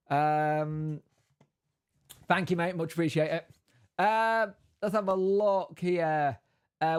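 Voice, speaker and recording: A man's voice: fairly high pitch, darkish tone, clean tone. A man hosting a casual live stream, greeting viewers by name and reading out news between chat.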